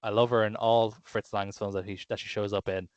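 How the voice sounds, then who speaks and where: Low-voiced man rambling about films. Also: flat delivery, brisk, smooth, no room sound, dull audio. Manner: rambling, enthusiastic, many fillers and restarts. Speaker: podcast co-host. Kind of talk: casual film chat.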